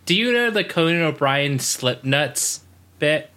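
A man chatting casually, spinning a meandering anecdote with acted-out bits of dialogue. His voice is bright and sits a little high. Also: unhurried. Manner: rambling, animated storytelling with acted-out quotes. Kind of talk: casual chat.

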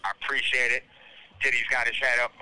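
A man's voice: medium pitch, level tone, fast talker, bright, forceful tone, rough recording. A man calling in to a podcast, talking in laid-back slang and swearing freely. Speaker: caller phoning in. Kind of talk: casual phone chat.

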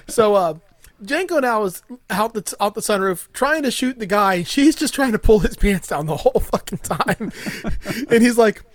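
A man with a high voice recaps a film scene by scene in a crude, casual way, laughing often and stacking up fillers as he goes. The sound is dry and close, with no room around it. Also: animated, normal speed, dry recording. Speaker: podcast host recapping a film.

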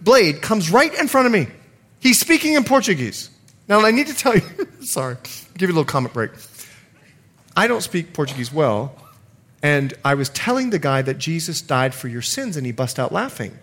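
A middle-aged male pastor preaching a sermon, telling a personal story with self-mocking humor and then leading a prayer. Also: sits high. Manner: animated storytelling, laughs at himself, drops to quiet prayer.

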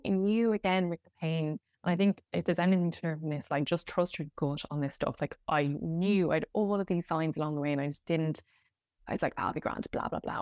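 A woman's voice: low voice, darkish tone, no room sound, studio quality. An Irish woman hosting a podcast, telling a personal story in a candid, rambling way with many fillers and restarts. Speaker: podcast host.

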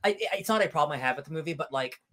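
A man's voice: on the high side, animated, racing, sharp tone. A man co-hosting a podcast, rambling loosely about a film and leaning heavily on "like" as a filler. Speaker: podcast co-host. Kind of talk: casual movie review chat.

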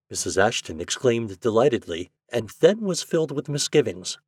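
A man's voice: mid-range voice, sing-song, moderate pace, hardly any pauses, darkish tone, breathy edge, no echo, studio quality. A man who hosts an audio fiction podcast and narrates classic stories in a friendly, conversational manner. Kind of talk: scripted narration.

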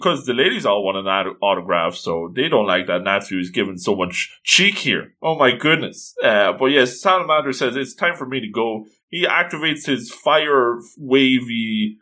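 A playful man recapping an episode of a cartoon, chatty and full of asides. His voice is bright, and his pitch leaps around a lot. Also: lively intonation, normal speed, few pauses. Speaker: anime recap host.

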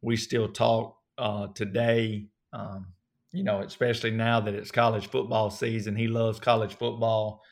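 A man in his thirties from North Alabama with a strong Southern accent, a guest telling relaxed, folksy stories in an interview. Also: fairly low pitch, unhurried, gravelly. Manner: relaxed, folksy storytelling with many fillers. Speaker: actor guest. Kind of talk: casual interview.

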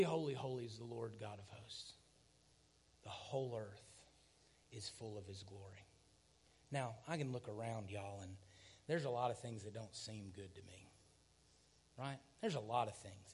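A man, preaching a sermon, swinging from loud emphatic passages to hushed near-whispers. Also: medium pitch, slightly rough. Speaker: pastor.

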